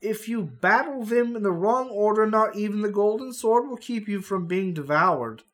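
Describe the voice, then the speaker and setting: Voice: medium pitch, normal speed, voice pushed up, close to an everyday voice. A podcast host reading out the lines of an old male wizard guide in a storybook, close to their own voice with a light mocking lilt. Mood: urgent.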